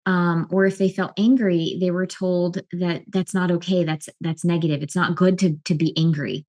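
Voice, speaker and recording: A middle-aged woman, a life and wellness coach, explaining emotions in a calm, earnest way with frequent restarts. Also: on the low side, moderate pace. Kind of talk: explanatory talk to camera.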